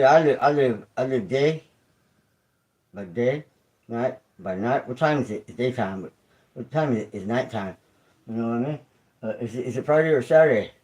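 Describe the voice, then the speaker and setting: A man's voice: medium pitch, darkish tone, poor audio. Conversational man hosting a livestream. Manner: loose and conversational, repeats phrases, asks listeners "you feel me?". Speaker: YouTube creator and livestream host. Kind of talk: casual livestream monologue.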